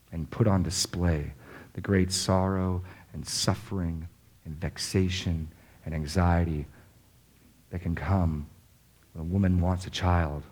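A man preaching a sermon, reading scripture aloud slowly and repeating key phrases for stress. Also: low voice, a little mellow, slightly rough. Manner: reads scripture slowly, then preaches with rising emphasis. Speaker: pastor.

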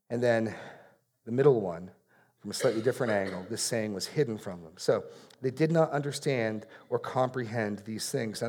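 Delivering an expository sermon with earnestness, a man at medium pitch hammers home key phrases through repetition. On solemn points his voice goes quiet.

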